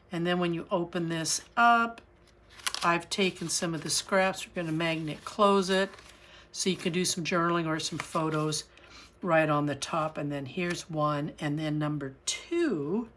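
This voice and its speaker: A middle-aged woman narrating a casual crafting tutorial, chatty and unhurried, pausing with fillers as she works. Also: lowish voice, fairly bright tone, a little hiss or hum. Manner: chatty, with frequent fillers and restarts while working. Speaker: crafting channel host.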